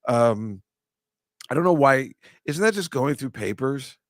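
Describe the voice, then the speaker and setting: A man's voice: medium pitch, animated, a little slow, no echo, studio quality. Rambling chatty man hosting a talk show. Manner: rambling, chatty, self-interrupting with laughs. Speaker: comedian host. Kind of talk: casual chat.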